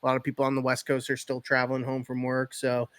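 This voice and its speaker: Smooth-voiced man announcing on a podcast. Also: mid-range voice, completely flat delivery, quick pace, fairly bright tone, no room sound. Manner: laughs easily, announces events plainly. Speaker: podcast co-host. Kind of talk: casual podcast chat.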